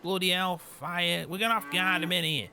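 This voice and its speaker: A man's voice: high voice, fairly even intonation, a little fast, bright, forceful tone, full character voice. A man playing a grumpy farmer in a game role-play, grumbling and swearing constantly. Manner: grumbling, peppers every line with swearing.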